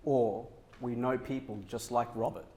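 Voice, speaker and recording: A man giving a motivational keynote on a conference stage, telling a story in a lively way and acting out the dialogue. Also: mid-range voice, a little slow. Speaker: keynote speaker.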